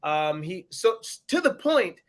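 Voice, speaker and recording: A man co-hosting a podcast, recapping a TV episode in casual, animated chat and slipping into voices for the characters. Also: high-pitched, measured pace. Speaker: podcast co-host.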